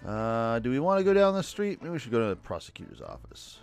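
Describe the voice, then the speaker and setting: A man's voice: mid-range voice, sing-song, fast, creaky, clear, resonant tone. A man streaming a video game, joking and chatting casually as he plays. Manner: joking, chatty, laughs often. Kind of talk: casual let's-play commentary. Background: faint game music.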